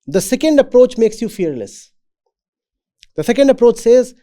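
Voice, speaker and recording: A man giving a reflective talk to students as a spiritual teacher. He speaks in a deliberate, measured way. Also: very high voice, very animated, warm tone.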